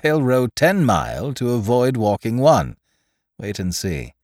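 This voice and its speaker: A man reading the part of a cool-headed pirate captain who gives brisk orders, in a storybook reading. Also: medium pitch, huge pitch swings, a little mellow, no echo, clean studio sound.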